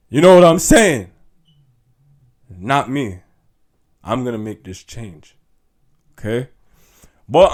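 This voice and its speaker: A young man, hosting a podcast as a casual, chatty monologue. He laughs often and peppers his talk with "yo" and "like". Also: fairly low pitch. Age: young adult. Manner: laid-back, chatty, laughs often, says "yo" and "like". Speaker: podcast host.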